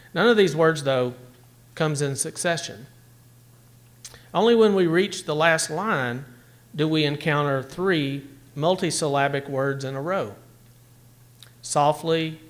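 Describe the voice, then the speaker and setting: A man giving a measured, deliberate talk that analyzes poems and reads them aloud at a poetry event. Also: a little high, fairly bright tone.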